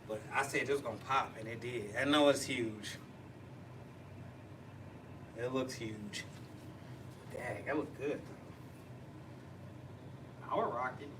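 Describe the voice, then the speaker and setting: A man hosting a casual livestream chat, chatty and excitable, laughing and teasing as he talks. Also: mid-range voice. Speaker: livestream host. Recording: distant mic with noisy background.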